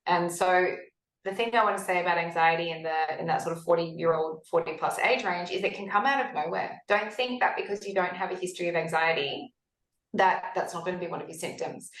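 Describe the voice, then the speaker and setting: A woman in her forties, a health practitioner talking as a guest in a conversational interview, telling stories lively and acting out her own past thoughts. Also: on the low side, a little fast. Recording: echoey room.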